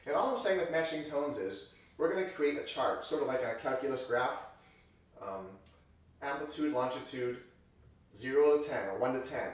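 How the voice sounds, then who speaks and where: Man teaching piano in an echoey room. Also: mid-range voice. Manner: conversational, self-correcting, acts out example sentences. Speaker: music teacher. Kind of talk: piano lesson explanation. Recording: very echoey room, voice distant from mic.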